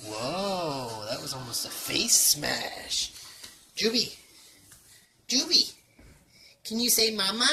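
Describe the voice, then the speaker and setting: A woman's voice: fairly low pitch, sing-song, takes it slowly, pauses often, noisy background. A woman, a parent filming her baby at home, talking to her in a playful, teasing, sing-song voice.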